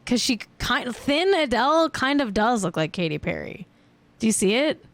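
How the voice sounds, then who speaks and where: A woman's voice: fairly high pitch, big pitch swings, normal speed, no room sound. A young adult woman hosting a celebrity gossip show, chatting casually and joking with frequent giggles. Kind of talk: casual live-stream chat.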